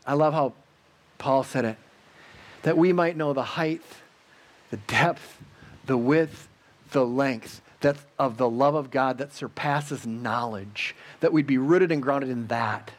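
A man preaching a sermon in an earnest, repetitive cadence with pauses, then leading a prayer. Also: a little high. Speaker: pastor.

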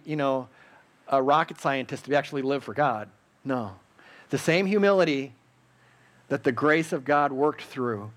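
A man preaching in a fairly high voice, with the earnest, repeating rhythm of the pulpit. He pauses between short phrases and leads into a heartfelt prayer. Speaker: pastor. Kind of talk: sermon with closing prayer.

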